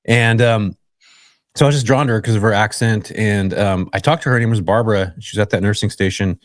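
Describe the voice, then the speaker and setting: A man's voice: lowish voice, fairly quick, dry recording, clean studio sound. Laid-back Californian man telling a story. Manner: relaxed, chatty, says man and like a lot. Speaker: guest, real estate investor. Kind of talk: casual storytelling interview.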